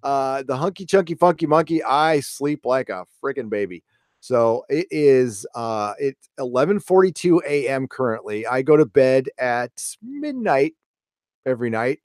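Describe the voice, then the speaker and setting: Middle-aged male host, blunt and rambling, cursing casually; average pitch, dry sound. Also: sing-song, measured pace, darkish tone, dry recording. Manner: rambling, blunt, swears freely. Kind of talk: casual live-show chat.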